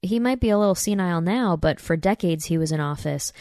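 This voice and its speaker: A woman with a notably low voice hosts a commentary podcast. She talks emphatically and keeps turning to her listeners with "you guys". The sound is dry and close, with no room echo. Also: animated, a little fast, a little mellow. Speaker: podcast host. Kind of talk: political commentary.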